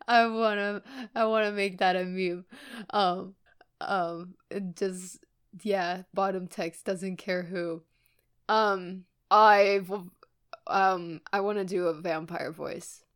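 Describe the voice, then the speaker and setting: A woman's voice: medium pitch, fairly even intonation, clear, resonant tone. A woman co-hosting a casual chat, playful and laughing often. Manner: giggly, unhurried, playful. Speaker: podcast co-host.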